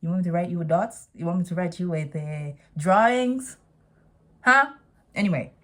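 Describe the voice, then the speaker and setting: A woman's voice: fairly low pitch, normal speed, fairly bright tone. A young adult woman vlogger telling a storytime with a sassy, exasperated edge.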